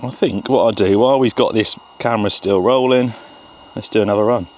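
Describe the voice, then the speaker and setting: A man testing a remote-control car outdoors by a road, chattering excitedly to himself as he films. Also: lowish voice, a little fast, slight background noise. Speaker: RC car vlogger. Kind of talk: casual self-narration while testing.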